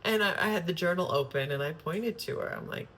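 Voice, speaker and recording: A woman's voice: on the low side, brisk, fairly bright tone. A woman talking to camera in a loose, rambling monologue, earnest and sprinkled with swearing. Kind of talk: casual spontaneous monologue.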